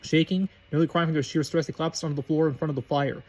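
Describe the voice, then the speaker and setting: A man reads a story aloud at a brisk clip, now and then stumbling and restarting a phrase. His voice sits somewhat high and moves quickly. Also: fairly even intonation, a little mellow. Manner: brisk reading with slips and restarts. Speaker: reader of fan fiction.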